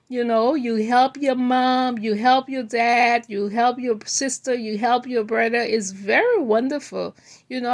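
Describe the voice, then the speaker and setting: A woman with a voice giving a casual commentary rant, scolding and exasperated, often repeating herself. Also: high voice. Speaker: commentary vlogger.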